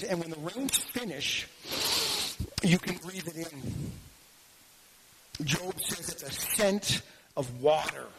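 A man preaches in a slightly raised pitch, telling his story with drama and stretching out the key phrases. He moves from storytelling into prayer. Clear background noise sits under his voice. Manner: dramatic, slows down for emphasis. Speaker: pastor.

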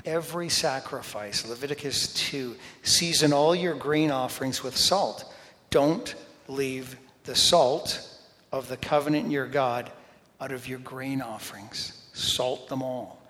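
Man, pastor, sermon, unhurried, mid-pitched voice, animated storytelling, reverberant hall. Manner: animated storytelling, talks to the congregation directly; drops to a whisper for emphasis. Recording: long reverb in a large hall.

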